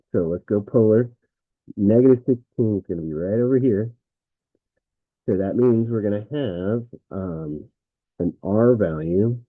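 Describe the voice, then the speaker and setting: A man's voice: lowish voice, no room sound, phone-quality sound. A man teaching a recorded math lesson, thinking aloud as he works through problems and correcting himself with frequent fillers.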